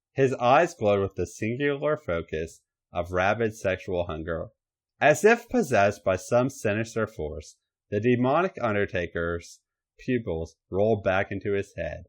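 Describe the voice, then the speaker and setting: A man hosting a podcast, giving an expressive, dramatic comedic erotic story reading. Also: fairly low pitch.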